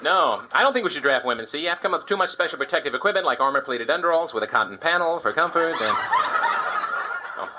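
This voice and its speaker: A man's voice: fairly high pitch, lively intonation, fast, lo-fi sound. A man doing a live stand-up set, firing off topical political one-liners and slipping into short sung bits. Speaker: stand-up comedian. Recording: old live club tape with loud hiss. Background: audience laughter.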